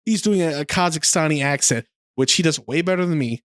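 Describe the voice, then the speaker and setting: Young guy on a podcast, slightly high voice, rambly storytelling, dry close mic. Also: a little fast, no echo. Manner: rambling storyteller, lots of fillers. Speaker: podcast co-host. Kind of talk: casual chat, retelling a film scene.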